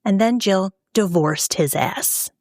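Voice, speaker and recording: A woman's voice: mid-range voice, slow pace, darkish tone, no room sound, studio quality. Blunt, salty woman telling a true-crime story. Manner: blunt and salty, openly scornful asides. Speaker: podcast host.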